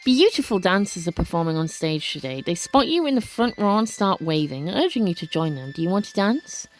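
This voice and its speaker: A woman doing casual let's play commentary, reading game text aloud with expressive, gasping reactions and chatty asides. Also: fairly low pitch, a little fast, soft background music.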